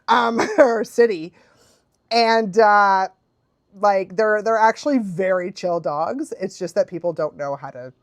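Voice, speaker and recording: Bubbly, animated woman streamer. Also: medium pitch, no echo, studio quality. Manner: bubbly, chatty, laughs often. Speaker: dog trainer streaming live. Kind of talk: casual live-stream chat.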